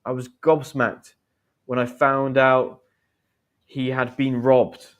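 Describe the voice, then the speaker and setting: A man in his thirties teaching English slang live, chatty, explaining with quick examples and acted lines. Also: mid-range voice, little pitch movement, dull audio. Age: 30s. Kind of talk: live-streamed English lesson.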